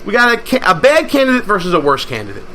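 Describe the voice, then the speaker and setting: A man's voice: high voice, wildly swooping pitch, fast, sharp tone, slight background noise. A man hosting a political talk show, speaking in an emphatic, rallying, conversational way. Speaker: host.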